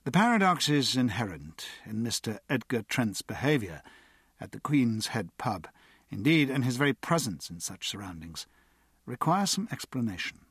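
A man narrates a story as an audiobook with dramatic storytelling. His voice is slightly husky, and his pitch rises and falls in a lively way. The sound is dry and close to the mic. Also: moderate pace, no room sound.

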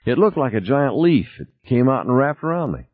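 A man's voice: medium pitch, big pitch swings, a little fast, no echo, pitched above the performer's own voice. A man voicing a formal, shaken young woman. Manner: clipped and formal. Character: young woman, formal frightened crew member. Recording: tinny phone-like sound.

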